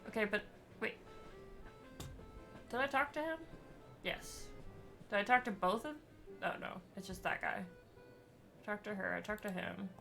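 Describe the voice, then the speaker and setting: A woman's voice: mid-range voice, expressive, unhurried, gravelly, pauses often, pushed and bright, faint music behind. A woman chatting casually and rambling as she streams a story game, laughing often. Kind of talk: casual chat while gaming.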